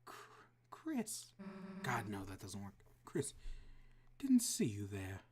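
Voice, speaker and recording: A woman voicing a gruff, surly female monster teenager with a low, menacing mutter. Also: wildly swooping pitch, slow, a little mellow, slight background noise, exaggerated voice.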